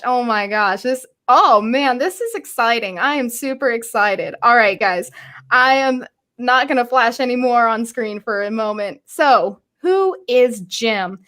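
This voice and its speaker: A woman hosting a live-streamed career interview, bubbly and excitable, often stumbling over her words. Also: on the high side. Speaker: host.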